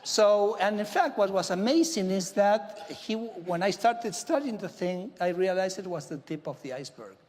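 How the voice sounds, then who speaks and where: High-voiced man with an Argentine accent. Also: normal speed, few pauses, in a large hall. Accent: Argentine Spanish. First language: Spanish. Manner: animated storytelling, frequent "okay?" asides. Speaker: government minister giving a speech. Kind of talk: speech to a business audience. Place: large conference hall.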